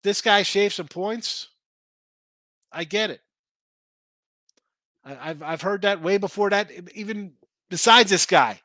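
Sports betting host guy, rambly and fired up, high bright voice, dry close sound. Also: measured pace, long pauses, dry recording. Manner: rambling, excitable, talks back to chat. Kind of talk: casual live-stream chat reading viewer comments.

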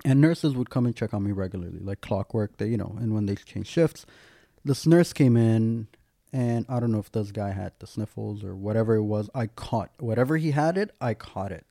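A man's voice: lowish voice, moderate pace, creaky, mellow, no echo, clean studio sound. A man, a guest, telling a personal story in candid, casual talk, full of "like" and wry self-mocking humour.

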